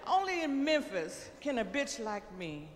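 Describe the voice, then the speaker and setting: A woman's voice: high-pitched, unhurried. An older woman doing a brash, profane stand-up set on a large theater stage. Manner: brash, profane, animated storytelling. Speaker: stand-up comedian. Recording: long theater reverb, faint noise.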